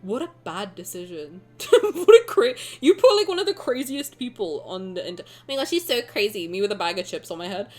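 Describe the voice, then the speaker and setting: A woman streamer chatting casually with her viewers, animated, joking and making fun of herself. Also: fairly high pitch, fairly quick, hardly any pauses. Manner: animated, joking and self-mocking.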